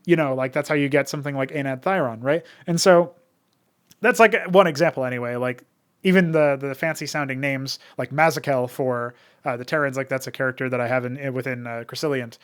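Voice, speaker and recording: Casting: young American man, talky host, slightly high-pitched, loose and rambling. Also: a bit bright. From United States. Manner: rambling, many fillers and restarts. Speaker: podcast host and modder. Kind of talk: casual solo talk.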